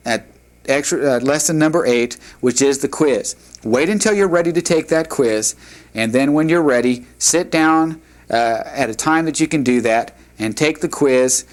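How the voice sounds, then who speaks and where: A man teaching a Hebrew lesson, working through exercises and reading words aloud slowly and patiently. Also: fairly high pitch. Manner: slow, patient, sounds out words. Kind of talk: classroom lecture.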